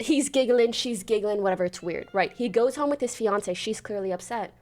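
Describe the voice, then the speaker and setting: A woman hosting a casual livestream chat. She recaps a story to her viewers in an animated way, swears freely and acts out the lines she quotes. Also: mid-range voice, brisk, hardly any pauses. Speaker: livestream host.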